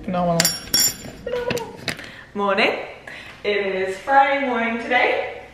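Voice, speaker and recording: A woman's voice: mid-range voice, moderate pace. A young woman, chatting enthusiastically in a casual vlog. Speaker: vlogger. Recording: echoey room with clear background noise.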